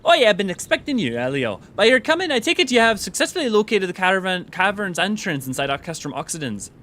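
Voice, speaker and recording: A man voicing a polite, formal male retainer from a game, speaking high and with theatrical diction. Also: big pitch swings, fast, bright, forceful tone, exaggerated voice. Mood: courteous.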